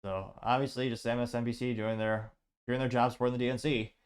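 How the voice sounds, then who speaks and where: A man hosting a political commentary show, sarcastic and halting, stumbling over words and restarting. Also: medium pitch, level tone, clean tone. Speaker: host.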